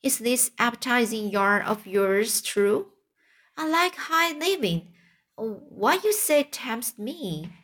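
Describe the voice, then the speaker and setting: Lady doing a grumpy greedy rat guy, slightly higher voice, storybook read. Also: big pitch swings, slow pace, a bit bright, full character voice. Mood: eager. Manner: grumbling. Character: greedy grumbling male rat.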